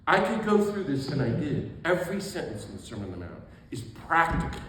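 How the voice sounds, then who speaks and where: A man giving an animated talk as a priest, exuberant, with quick asides and laughter at himself. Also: on the high side, far from the mic. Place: event hall. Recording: echoey room with faint background noise.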